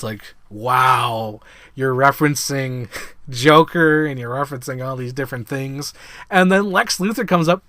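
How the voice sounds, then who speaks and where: A man hosting his own vlog, reviewing a film in a casual, excitable monologue, swearing freely and acting out scenes. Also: medium pitch, unhurried, dry recording, clean studio sound. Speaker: movie reviewer, host.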